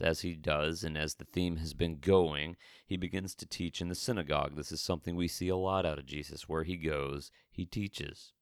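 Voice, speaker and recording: A man's voice: low voice, smooth, no room sound, studio quality. A man preaching a conversational Bible teaching, often restarting and repeating words as he goes. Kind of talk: sermon-style Bible teaching.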